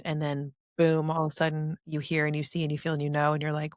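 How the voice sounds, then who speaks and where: A woman hosting a podcast, telling her story in earnest rapid bursts. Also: low voice, completely flat delivery, dry recording, clean studio sound. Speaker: podcast host. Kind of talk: casual conversation.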